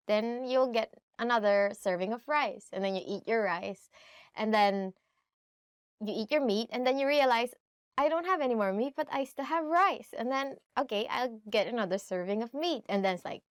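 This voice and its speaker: Young woman, lesson host, higher voice, dry close sound, chatty and quick to laugh. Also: no echo. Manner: chatty, laughs often, switches between Filipino and English. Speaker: language teacher host. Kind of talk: casual language lesson.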